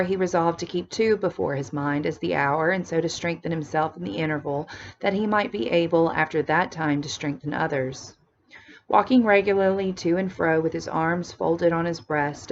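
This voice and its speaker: A woman's voice: low-pitched, dull audio, a little hiss or hum. A woman English teacher reading a classic novel aloud to her class, stopping now and then to explain it in plain words. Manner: reads steadily, then explains in casual slangy asides.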